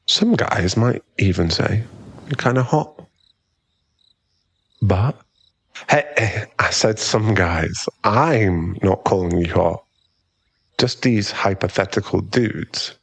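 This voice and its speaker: A man's voice: on the low side, animated, takes it slowly, pauses often, husky, no room sound, full character voice. A young man playing a cocky, smug rival in an ASMR boyfriend role-play, taunting and chuckling as he talks. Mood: smug mocking. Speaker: ASMR roleplay performer.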